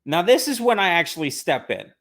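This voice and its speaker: A man co-hosting a casual talk show, speaking bluntly with plenty of swearing and quick bursts. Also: sits high, sing-song, fairly bright tone. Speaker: podcast co-host. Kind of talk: casual chat.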